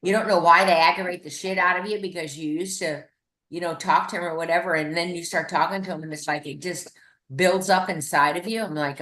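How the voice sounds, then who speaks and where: An older woman tells a story over a video call in a loose, rambling way, often breaking off and restarting her sentences. Her voice sits on the low side for a woman. The sound is roomy, with noticeable echo around her. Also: steady tone, fairly quick, fairly bright tone. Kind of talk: casual storytelling.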